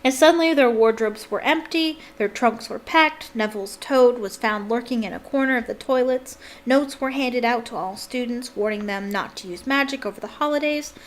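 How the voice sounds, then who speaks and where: A woman with a slightly high voice reading a novel aloud for online listeners, then stopping to react with animated, exclaiming asides. Her reading is unforced and casual, and a faint hiss sits under the recording. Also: moderate pace, hardly any pauses. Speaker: YouTube reader.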